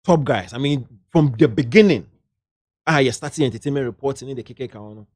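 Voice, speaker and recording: Ghanaian man telling lively stories. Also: mid-range voice, brisk, dry recording, clean studio sound. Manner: lively anecdotal, drifts into local slang. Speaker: guest, entertainment journalist. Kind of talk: casual interview storytelling.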